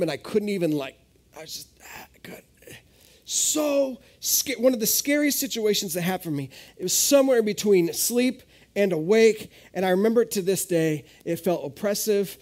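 A man in his thirties preaching a sermon at a live church service, telling stories with sudden jumps in pitch and loudness. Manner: animated storytelling with sudden rises in pitch. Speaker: pastor.

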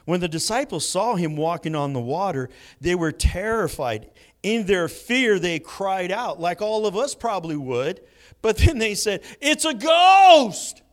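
A man preaching a sermon, swinging between hushed moments and loud bursts. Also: high voice, expressive, moderate pace. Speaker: pastor.

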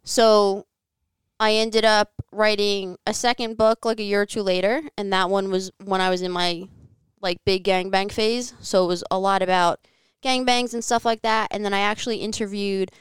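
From her living room, a woman appears as a podcast guest and relates something personal in candid, casual talk, sprinkled with "like" and the occasional curse. She has a steady, mid-range, smooth voice at normal speed, with no echo.

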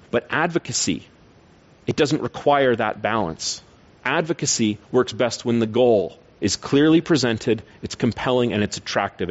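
A man's voice: medium pitch, muffled recording. Earnest male preacher asking rhetorical questions. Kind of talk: sermon.

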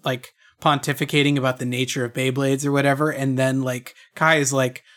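A man's voice: medium pitch, flat delivery, fairly quick, fairly bright tone. A man co-hosting a podcast, chatting casually and making jokey, crude quips. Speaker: podcast co-host. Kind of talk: casual chat.

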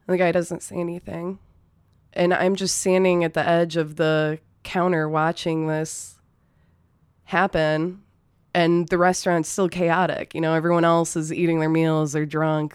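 A woman's voice: on the low side, smooth, no echo, clean studio sound. A woman telling a personal story from her restaurant job in a loose, profane, casual way, full of fillers like "you know" and "like". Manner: loose and profane, many fillers, nervous laughs. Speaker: storyteller, former restaurant server. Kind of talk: casual spoken anecdote.

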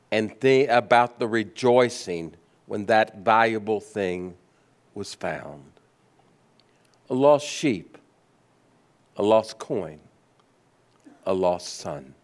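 Guy giving a sermon, slow and deliberate, asks lots of questions, voice goes way up then way down. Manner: preaching with rhetorical questions and sharp pitch swings. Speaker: pastor.

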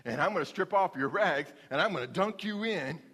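Man doing a folksy god, teasing and gruff, lots of hall echo. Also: high voice, lively intonation, a little fast, fairly bright tone, full character voice. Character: God as a gruff, teasing father scrubbing a sinner. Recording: long hall reverb.

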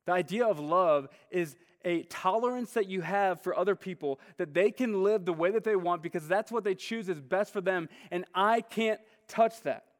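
A man's voice: high-pitched, normal speed, few pauses. A man preaching a sermon in a casual, conversational way, often saying "like". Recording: long hall reverb.

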